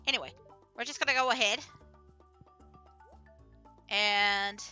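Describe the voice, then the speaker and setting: Bright-voiced rambling woman streamer. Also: mid-range voice, takes it slowly, dull audio, soft background music. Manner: rambling, many fillers and restarts, giggly. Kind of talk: casual gameplay commentary.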